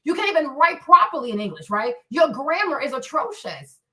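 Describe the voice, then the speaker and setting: A woman's voice: high-pitched, big pitch swings, fairly quick, pushed and bright. A woman from Africa hosting a livestream, ranting bluntly and profanely and tagging lines with "right?", on a slightly distant mic. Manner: blunt, profane, confrontational, keeps asking "right?". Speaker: livestream host. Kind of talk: solo ranting commentary.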